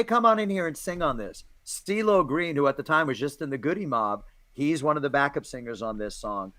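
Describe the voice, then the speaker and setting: A man co-hosting a podcast who shares music trivia quickly and briskly. He has a mid-pitched voice, recorded close and dry with no echo. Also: a bit bright. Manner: brisk, fact-sharing. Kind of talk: casual chat sharing music trivia.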